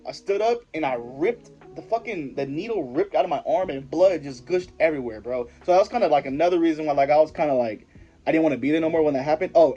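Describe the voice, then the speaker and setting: The young vlogger's voice here runs on the high side yet dark in tone, captured in lo-fi sound. He tells a personal story casually to camera, rambling, swearing, using slang, and repeatedly stopping and restarting his sentences.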